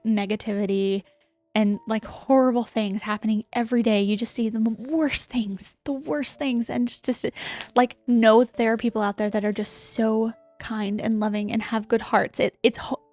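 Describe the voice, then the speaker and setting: Casting: fairly high-voiced woman, enthusiastic co-host, lots of "like", dry studio sound. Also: steady tone, normal speed, no room sound, faint music behind. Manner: warm and enthusiastic, many fillers like "like". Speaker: podcast co-host. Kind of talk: casual chat, reading listener letters aloud.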